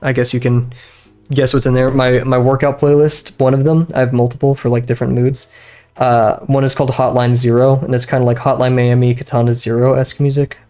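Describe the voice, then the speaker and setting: A man's voice: medium pitch, flat delivery, brisk, darkish tone, clean tone, soft background music. A young man streaming from his bedroom, chatting loosely while he draws, rambling with fillers, restarts and frequent laughs. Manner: rambling, easily distracted, many fillers and restarts, laughs often. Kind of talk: casual chat while drawing. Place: bedroom at home.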